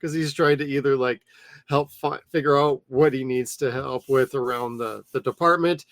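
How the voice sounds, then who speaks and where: A man's voice: mid-range voice, steady tone, normal speed, dry recording. A man co-hosting a casual podcast, talking eagerly with lots of fillers about a show he loves. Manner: enthusiastic, filler-heavy. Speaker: podcast co-host. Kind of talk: casual chat.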